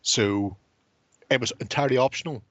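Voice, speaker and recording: A man's voice: medium pitch, normal speed, a bit bright, no echo, dull audio. A man co-hosting a hobby live stream, rambling and swearing with frequent laughs in casual late-night chat.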